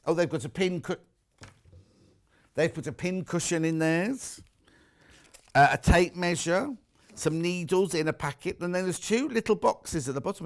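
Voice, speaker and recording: British male shopping-channel host, slightly high voice, chatty and informal, reads viewer messages. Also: creaky. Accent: British English. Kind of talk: live TV sales chat.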